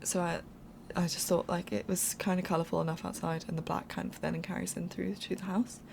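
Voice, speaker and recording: A young woman talks through a game build in loose, unscripted voiceover. Her voice sits on the low side with a gravelly fry, and she rambles, apologizes and laughs her way through. A faint hum sits under her voice. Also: level tone, brisk. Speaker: game speed-build creator. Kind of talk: casual voiceover commentary.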